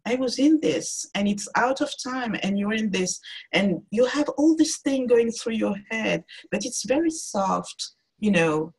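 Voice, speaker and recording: A woman's voice: on the high side, lively intonation, unhurried, slightly rough, poor audio. A woman artist speaking as a guest on a video-call interview, thoughtful and searching for her words. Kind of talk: reflective interview talk.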